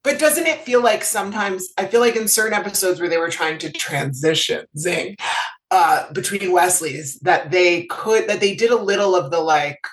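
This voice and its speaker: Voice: medium pitch, normal speed. A podcast co-host in casual chat, making jokes and acting out playful quotes. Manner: jokey, with playful quoted voices.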